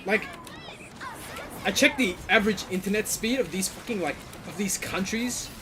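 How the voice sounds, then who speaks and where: A man's voice: high voice, moderate pace, sharp tone. A young man, casually commenting on gameplay while ranting with lots of swearing and fillers. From Australia. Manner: ranting, profane, frequent fillers. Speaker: gaming streamer.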